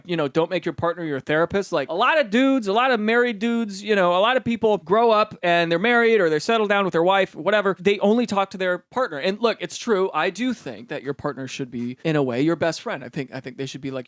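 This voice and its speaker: A man's voice: high-pitched, a bit bright, no room sound, clean studio sound. A young man hosting a comedy commentary, rambling, swearing casually and correcting himself mid-sentence. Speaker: host reacting to online posts.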